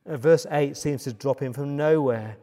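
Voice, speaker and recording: English preacher in a reverberant church. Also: male voice, medium pitch, normal speed, mellow. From England. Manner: emphatic, building repetitions. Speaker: pastor. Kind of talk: sermon.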